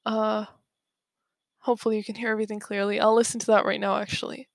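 A woman's voice: mid-range voice, flat delivery, quick pace, vocal fry, dry recording, clean studio sound. A young woman hosting a podcast, telling a story in a chatty way with lots of fillers and restarts, and getting worked up. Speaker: podcast host. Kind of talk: casual storytelling monologue.

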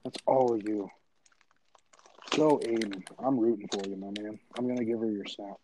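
A man's voice: lowish voice, steady tone, moderate pace, warm tone, poor audio. Young male podcast co-host, playful and crude, ribbing a friend; faint noise behind. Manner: teasing, crude joking, laughs often. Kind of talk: casual chat.

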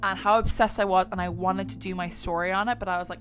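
A woman's voice: on the low side, steady tone, fast, music in the background. A woman hosting a true crime podcast, chatting casually with a rambling, sweary manner. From England. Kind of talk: casual chat.

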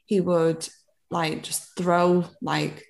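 Woman, British accent, casual podcast chat, low voice, vocal fry, laughs often. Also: little pitch movement, extremely slow, a little mellow. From United Kingdom. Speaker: podcast guest.

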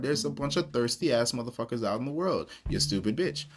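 A man's voice: medium pitch, lively intonation, fairly quick, few pauses, over music. A man hosting a podcast, telling a story in a blunt, profane, casual rant. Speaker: podcast host.

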